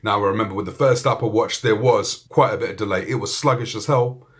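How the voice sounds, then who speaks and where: This tech reviewer speaks with a British accent and a lowish voice, moving at a quick pace. His gadget review is casual and jokey, peppered with profanity and banter.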